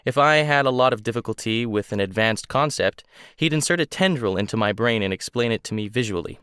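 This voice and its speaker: A man reading a first-person science fiction story aloud in a steady, measured way. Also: mid-range voice, smooth, no room sound, clean studio sound. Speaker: audiobook narrator. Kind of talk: scripted first-person narration.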